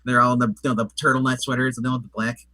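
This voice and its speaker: Man, casual movie chat, bright voice, rambling with fillers, dry close sound. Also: medium pitch, level tone, very fast, no room sound, low-quality recording. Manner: rambling, many fillers and restarts. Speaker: movie review co-host.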